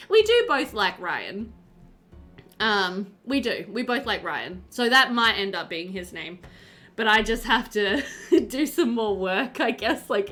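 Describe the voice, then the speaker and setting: A young woman with a mid-range, fairly bright voice chats casually on stream. She reads her viewers' messages out loud, stays chatty, and laughs a lot.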